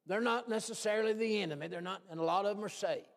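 High-voiced preacher, booming hall. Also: male voice, fast talker. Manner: folksy, animated, swings from hushed to shouting. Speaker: pastor. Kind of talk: sermon. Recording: long hall reverb.

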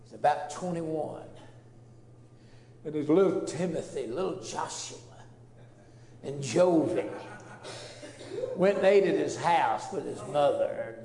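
A man tells a testimony as a preacher would, earnest and full of feeling. His voice sits high for a man. The room adds a noticeable echo around him. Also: lively intonation, slow, pauses often, dark tone. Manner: earnest, emotional preacher storytelling. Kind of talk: storytelling testimony. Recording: roomy echo.

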